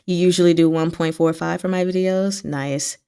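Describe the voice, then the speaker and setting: A woman with a slightly low voice hosts a relaxed book club livestream. She chats loosely and answers her viewers' comments. Her pitch keeps leaping up on exclamations before it settles back down. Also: normal speed, smooth. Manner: chatty, animated pitch swings, talks back to chat. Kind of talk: casual livestream chat with viewers.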